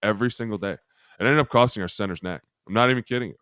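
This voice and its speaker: A former lineman in his thirties tells his story on a podcast, his low voice rich and clean. He swears casually and rambles from one detail to the next, close to a dry studio mic. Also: racing, fairly bright tone, dry recording. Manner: profane, blunt, rambling anecdotes.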